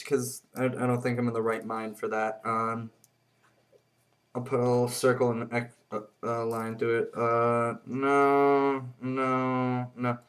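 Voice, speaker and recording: A man vlogging in a casual monologue, rambling and blunt, swearing freely and filling pauses with "uh" and "um". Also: mid-range voice. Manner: rambling, blunt and profane, with many fillers.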